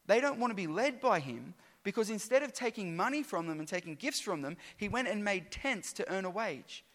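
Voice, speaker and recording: A man's voice: high voice, animated, fairly quick, a bit bright, in a large hall. A man preaching a sermon, reading scripture aloud with emphatic, sometimes sarcastic delivery.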